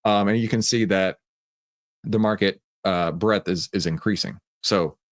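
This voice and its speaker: A man's voice: lowish voice, a little slow, dry recording, studio quality. A middle-aged man with a Texan accent hosts a livestreamed trading room, talking casually with lots of fillers. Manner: casual and chatty, many fillers.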